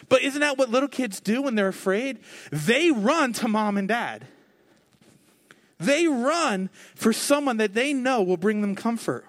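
A man's voice: sits high, sing-song, normal speed. A man in his thirties, a pastor giving a conversational sermon, joking at himself and acting out quoted lines. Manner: conversational, self-mocking, acts out quoted voices.

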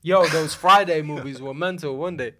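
A man's voice: on the high side, normal speed, crowd noise. A young man hosting a podcast, chatting casually and loosely with lots of slang and laughter. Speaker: podcast host. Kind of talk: casual chat.

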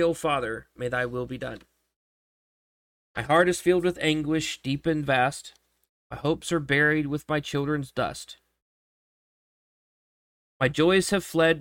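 A man reads a sorrowful prayer-poem aloud at a very unhurried, deliberate pace. His voice sits slightly high for a man, and he sometimes trips over a word and starts the phrase again. The recording is dry and close, with no room sound. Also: fairly bright tone, no echo. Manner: slow, mournful reading with occasional slips and restarts. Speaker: reader. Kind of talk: solemn poetry recitation.

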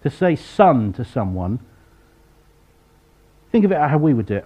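A man preaching a sermon, acting out the people in the story with sudden loud voices. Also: medium pitch, sing-song, a little slow, breathy edge. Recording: dull lo-fi sound.

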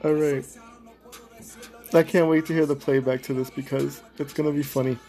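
A man's voice: a little high, flat delivery, normal speed, warm tone, faint music behind. A young man hosting his own podcast, chatting casually, rambling off script, swearing and laughing often. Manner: laughs a lot, rambling and profane. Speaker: podcast host. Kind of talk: casual solo podcast chat.

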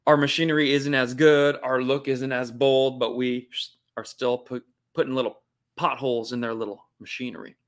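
A man's voice: mid-range voice, level tone, moderate pace. A man hosting a podcast and doing a playful comedy bit full of impressions. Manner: playful, jumps into put-on voices.

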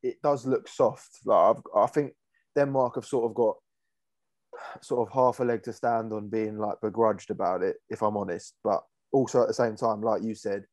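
A man's voice: fairly low pitch, normal speed, no room sound. A man, co-hosting a casual football chat over a video call and telling stories with put-on voices. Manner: animated storyteller, mimics voices in anecdotes. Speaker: podcast co-host.

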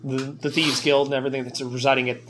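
A man narrating a tabletop game as game master, animated and quick to laugh and swear at his own slips. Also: mid-range voice. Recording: faint buzzing noise.

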